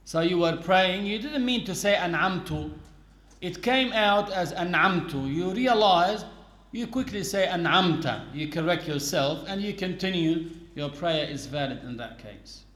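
A man's voice: high voice, expressive, a little slow, fairly bright tone, echoey room. A man giving a patient religious lesson on reciting prayers, explaining carefully and quoting Arabic phrases. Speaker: religious teacher.

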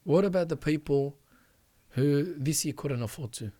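A man's voice: a little high, normal speed, mellow, no echo. Earnest man urging listeners, dry sound. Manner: earnest, exhorting, repeats phrases for emphasis. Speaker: podcast host. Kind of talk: religious advice talk.

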